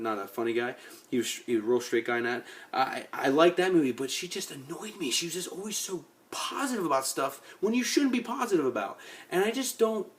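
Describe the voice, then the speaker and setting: Blunt rambling man ranting to camera. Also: medium pitch. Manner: blunt, rambling, repeats himself. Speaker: vlogger. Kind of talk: casual opinion rant.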